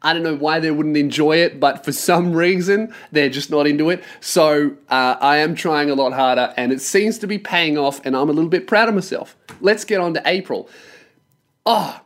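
A man's voice: on the high side, moderate pace. Sweary Australian man ranting. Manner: sweary, loud and mock-angry. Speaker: podcast host. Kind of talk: solo podcast rant.

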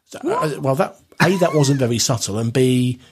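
A man's voice: mid-range voice, lively intonation, normal speed, vocal fry, breathy edge. A man in casual chat, telling a dry, wry anecdote with hesitant restarts.

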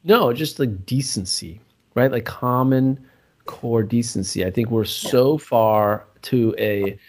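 A man's voice: mid-range voice, takes it slowly. Rambling man podcast co-host. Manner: rambling, swears, trails off and restarts. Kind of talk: casual podcast chat.

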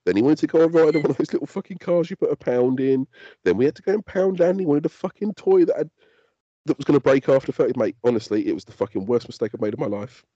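Guy ranting on a podcast, swears a lot, husky warm voice, lo-fi sound. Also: fairly high pitch, fast talker, no echo. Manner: sweary, animated storytelling. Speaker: podcast co-host. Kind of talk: casual chat.

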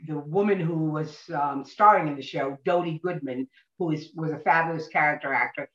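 A woman actress, a podcast guest, telling stories in an animated way and acting out what people said. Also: low voice, fairly quick, few pauses. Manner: animated, acts out quoted voices. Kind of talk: anecdotal podcast storytelling. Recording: dull, roomy recording.

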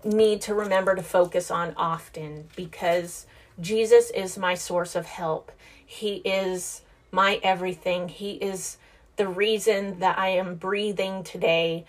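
A woman in her thirties hosts a casual, faith-based podcast. She talks earnestly and from the heart, directly to her listeners, at a medium pitch. She sounds conversational, with loose phrasing and frequent restarts. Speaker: podcast host.

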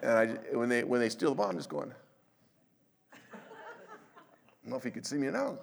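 A man's voice: medium pitch, expressive, brisk, vocal fry, slight background noise. An older man, a pastor of many years, giving a conversational sermon, telling stories with self-deprecating humor and acting out quotes.

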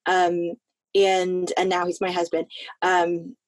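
A woman's voice: lowish voice, monotone, takes it slowly, no room sound. A woman from Florida, an actress talking in a casual interview, earnest and rambling, often restarting her sentences. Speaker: actress guest.

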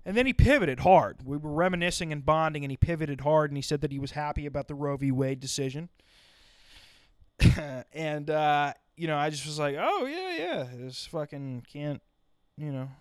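A man's voice: a little high, steady tone, brisk, clean tone, no echo. A young man telling a comic story in a rambling, wry way, often interrupting himself. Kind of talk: comedic storytelling monologue.

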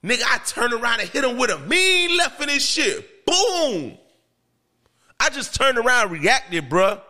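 A man, a podcast host, telling a story in casual chat in an animated, profane and emphatic way. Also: very high-pitched, normal speed, shouting. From Miami, Florida.

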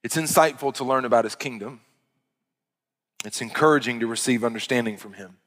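A male pastor preaching a sermon, rising to loud, high-pitched exhortation and dropping to hushed, quiet passages. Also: brisk. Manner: impassioned preaching that swells loud and high, then drops to hushed tones. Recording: long hall reverb.

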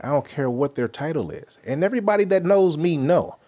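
A man hosting a podcast in casual chat, telling animated, profane stories and opinions. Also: on the high side, brisk. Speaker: podcast host.

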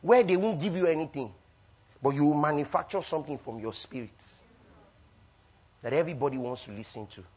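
A man preaching a sermon with call-and-response, swinging between loud bursts and soft asides. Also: on the high side, a little fast, long pauses, slightly rough. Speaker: pastor. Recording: dull lo-fi recording.

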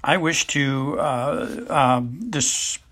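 A haughty, eccentric older woman seer who stumbles over her words with halting ums and uhs, voiced by a man reading an audiobook. The voice is husky and sits at a middling pitch. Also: fairly bright tone.

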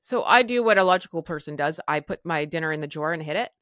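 A woman's voice: sits low, fairly even intonation, very fast, fairly bright tone, no room sound, studio quality. A woman hosting a podcast, telling a personal story frankly with wry humor and casual swearing. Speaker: podcast host.

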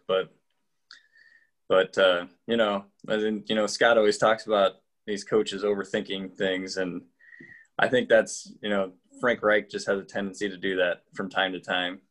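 A man co-hosting a casual sports podcast, measured and hedging, with many fillers. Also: fairly low pitch, steady tone, a bit bright. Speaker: podcast co-host.

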